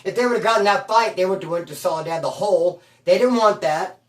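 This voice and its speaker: A man from Bakersfield telling prison stories at home, animated and slangy, calling the listener bro and dude. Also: high-pitched, brisk, far from the mic. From Bakersfield, California. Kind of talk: casual storytelling. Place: at home, indoors. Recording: roomy room, from off mic.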